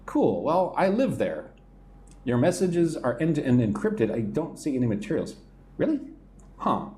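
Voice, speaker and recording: A man's voice: on the high side, very animated, a little slow, warm tone, slight background noise. A man with a plain American accent teaching English idioms on a live stream, reading out viewer comments and answering them. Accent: General American.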